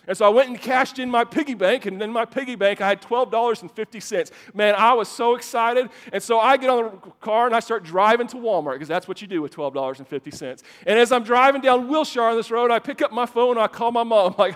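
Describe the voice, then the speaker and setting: Male pastor with a high voice, animated storytelling delivery with repeated words, preaching in a church with long hall reverb. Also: quick pace, hardly any pauses. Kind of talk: sermon with personal storytelling. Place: church sanctuary with a congregation.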